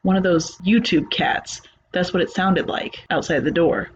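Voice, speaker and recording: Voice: medium pitch, unhurried, dull audio, a little hiss or hum. A narrator reading a first-person horror story aloud in a plain, conversational retelling.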